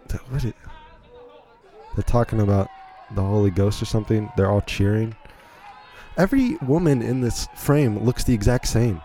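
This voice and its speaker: A man's voice: on the low side, dark tone. A man hosting a podcast, giving incredulous, rambling play-by-play commentary on a video in a casual way. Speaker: podcast host.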